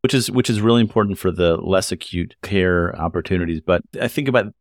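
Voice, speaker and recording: A man who hosts a podcast and works as an OB-GYN physician, talking in a measured, reflective way. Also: sits low, dry recording, clean studio sound. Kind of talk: casual podcast conversation.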